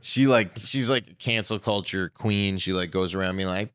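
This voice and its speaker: Comedian guy rambling on a podcast, low and smooth, dry close mic. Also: moderate pace, fairly bright tone, no room sound. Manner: candid, rambling storytelling with frequent fillers. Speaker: comedian guest. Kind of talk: casual podcast chat.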